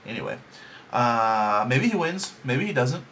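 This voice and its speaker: A man with a bright, forward voice rambles through a casual movie review at home in his bedroom. He jokes as he goes and fills his talk with ums and likes. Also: medium pitch, very animated, measured pace, a little hiss or hum.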